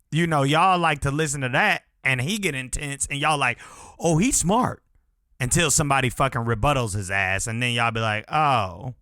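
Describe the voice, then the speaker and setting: A man's voice: medium pitch, bright, forceful tone, clear, resonant tone, no echo, studio quality. A man hosting a podcast, talking in a blunt, profane and emphatic way in a casual solo rant. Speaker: podcast host.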